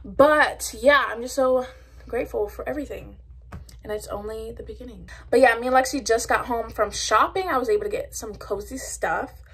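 Bubbly twenties woman vlogger, chatty home talk, a bit husky with some vocal fry, pitched a touch high. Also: normal speed, fairly bright tone. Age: 20s. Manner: bubbly, chatty, says "literally" and "like" a lot. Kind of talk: casual chat.

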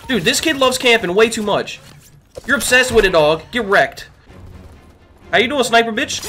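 A man giving excitable, trash-talking commentary over his own gameplay, a little sick. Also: high-pitched, fairly quick, pauses often. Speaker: gaming YouTuber. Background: faint background music.

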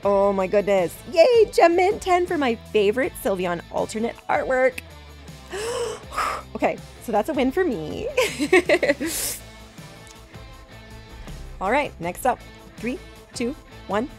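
A woman in her thirties chatting excitedly as she opens graded trading cards, gasping and repeating herself. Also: high voice, normal speed, soft background music. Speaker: card collecting vlogger. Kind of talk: excited unboxing chat.

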